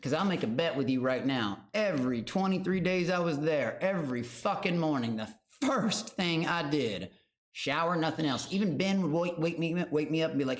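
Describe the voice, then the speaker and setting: A man's voice: a little high, animated, moderate pace. A man streaming live and reacting to a show. He rambles, swears heavily and taunts his chat. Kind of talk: casual livestream commentary.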